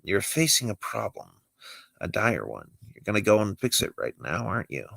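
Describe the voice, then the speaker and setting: A man voicing a furry male cat-man stowaway in a low, plain read-through voice. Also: big pitch swings, moderate pace, creaky, fairly bright tone, no room sound, exaggerated voice. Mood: wary. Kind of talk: amateur script read-through.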